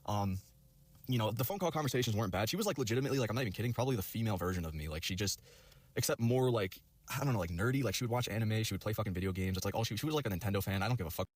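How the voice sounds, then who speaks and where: A young man rattles off a personal story at breakneck speed. His voice sits a little low. He rambles and piles up filler words and profanity as he goes. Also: lively intonation, racing, dry recording. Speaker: storyteller in a video clip.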